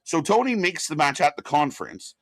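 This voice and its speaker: A man's voice: a little high, expressive, a little fast, creaky, fairly bright tone, no room sound, clean studio sound. A man hosting a casual wrestling talk show, ranting bluntly with plenty of swearing. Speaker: wrestling commentary host. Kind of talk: casual podcast chat.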